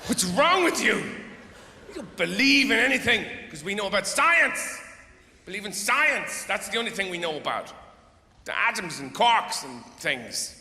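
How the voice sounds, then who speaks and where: Un humoriste d'âge mûr, voix assez aiguë, ton exaspéré et décousu, dans une salle réverbérante pleine de bruit. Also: male voice, high voice, big pitch swings, normal speed, pushed and bright. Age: middle-aged. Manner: rambling, profane, exasperated. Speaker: stand-up comedian. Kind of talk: live stand-up comedy. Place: theatre stage. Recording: echoey hall with crowd noise.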